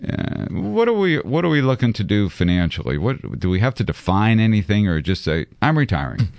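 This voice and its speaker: A man's voice: fairly low pitch, sing-song, fairly quick, vocal fry, a little mellow, dry recording, studio quality. A man hosting a live call-in radio talk show, joking and rambling with many fillers. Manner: jokey, rambling, lots of fillers.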